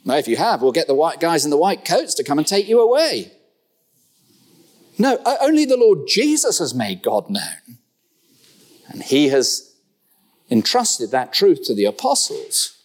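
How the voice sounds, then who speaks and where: A middle-aged man preaching a sermon, conversational and lively, with rhetorical questions and humorous asides. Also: on the high side, unhurried, long pauses. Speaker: pastor.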